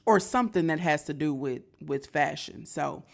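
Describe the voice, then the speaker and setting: A woman's voice: sits low, expressive, moderate pace, vocal fry. A woman hosting a reaction video, chatting casually to viewers and often checking in with "okay?". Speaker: host.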